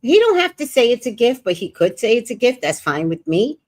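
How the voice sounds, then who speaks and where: Brash, animated woman livestream host. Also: a little high, a little fast. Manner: brash, profane, animated storytelling. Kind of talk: casual livestream chat. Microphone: streaming setup.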